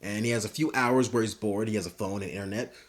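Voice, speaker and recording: A man's voice: on the low side, fast talker. Brief: young guy, laid-back profane fan commentary, rambling. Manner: rambling, filler-heavy, profane. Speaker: YouTube commentator. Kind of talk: casual comedic commentary.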